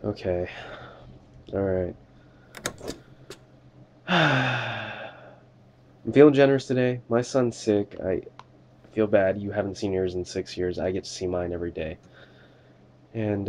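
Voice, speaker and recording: Slow-talking man joking through a game. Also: on the low side, a little mellow, slight background noise. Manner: jokey, swears and laughs, talks to the game characters. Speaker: gamer doing a let's play. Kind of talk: casual game commentary, playing a border inspector.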